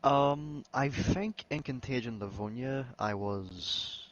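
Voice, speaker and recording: A man's voice: mid-range voice, slow, muffled recording. A man, a guest on a podcast, chatting casually, bantering and swearing freely. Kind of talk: casual chat.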